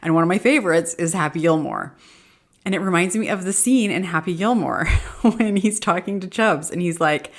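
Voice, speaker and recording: A middle-aged woman hosting a podcast, talking casually and earnestly, animated and laughing easily. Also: fairly low pitch, moderate pace. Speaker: podcast host. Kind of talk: casual motivational podcast talk.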